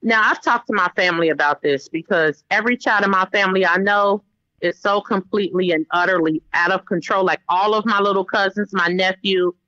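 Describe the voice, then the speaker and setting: Outspoken mother in her thirties, profane and animated; bright voice on a dull, lo-fi line. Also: medium pitch, brisk, no echo. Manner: blunt, profane, animated storytelling with voiced quotes. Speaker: interview guest, mother. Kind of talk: casual phone interview.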